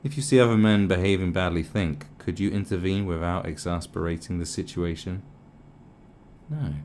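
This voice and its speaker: A man's voice: low voice, moderate pace, a little mellow, slight background noise. A man giving a sarcastic, sweary commentary rant, repeating mock-polite questions over and over. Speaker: video commentator. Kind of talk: ranting commentary.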